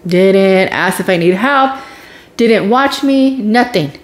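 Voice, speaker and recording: A woman's voice: medium pitch, animated, slow, slight background noise. A woman vlogger telling her own story in a casual, emotional way, with sighs and groans as she relives it.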